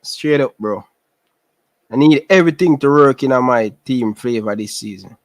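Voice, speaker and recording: Living in Canada, this Jamaican-accented livestream host chats casually with his audience, greeting viewers by name and repeating himself. He speaks at a moderate pace in a medium-pitched voice, recorded dry.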